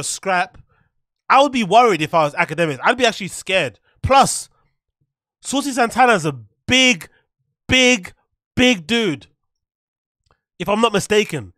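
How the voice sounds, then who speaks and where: A man's voice: high-pitched, bright, forceful tone, no echo, studio quality. Incredulous, mocking podcast host man. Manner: incredulous, mocking, laughs often. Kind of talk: commentary reacting to clips.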